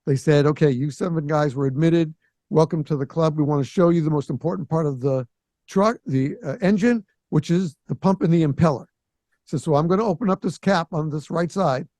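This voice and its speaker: An older man in his sixties hosts a casual podcast chat and tells stories with animation, slipping into other people's voices. His voice sits a bit high and has a mellow, warm tone. The sound is close and dry. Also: a little fast, dry recording. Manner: animated storyteller who acts out quoted voices. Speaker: podcast host. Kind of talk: casual storytelling.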